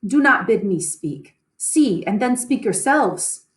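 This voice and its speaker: A woman's voice: medium pitch, animated, slow pace, reverberant. A woman reading the part of a nobleman who raises the alarm, declaiming urgent verse.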